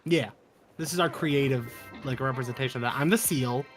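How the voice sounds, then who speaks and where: A man co-hosting a casual live stream, chatting and cracking wry, deadpan jokes. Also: mid-range voice, fairly quick, faint music behind. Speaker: stream co-host.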